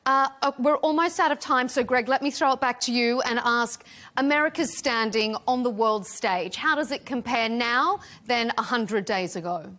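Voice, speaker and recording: A woman anchoring a live TV news interview, questioning her guests briskly and directly. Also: on the high side, fairly bright tone.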